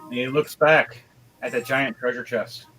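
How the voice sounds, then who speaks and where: A man's voice: medium pitch, steady tone, a little slow, sharp tone, faint music behind, poor audio. A man running a tabletop game as game master, narrating casually with fillers.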